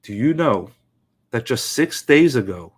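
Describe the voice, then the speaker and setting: A man voicing a calm father who patiently and gravely explains things to his son, within a told story. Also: mid-range voice, a little slow, pitched below the performer's own voice.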